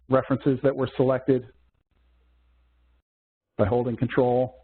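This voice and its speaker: A man teaching a software demo in a webcast, walking through steps methodically with small fillers. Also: mid-range voice, slightly rough. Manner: methodical step-by-step explaining with fillers. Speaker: software instructor. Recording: tinny phone-like webcast audio.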